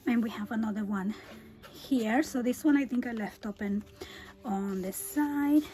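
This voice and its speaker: Female crafter, fairly high voice going breathy and hoarse, relaxed chatty tutorial delivery. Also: low-quality recording. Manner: chatty, easygoing, frequent um and uh. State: losing her voice, often drops to a breathy whisper. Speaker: scrapbooking crafter. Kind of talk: casual craft album walkthrough.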